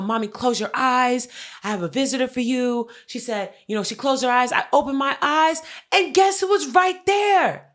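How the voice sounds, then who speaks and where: A woman co-hosting a podcast in casual chat, telling a family story with lively acted-out quotes and plenty of swearing. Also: a little high. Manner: animated storytelling, acts out quoted family members, frequent swearing. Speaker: podcast co-host.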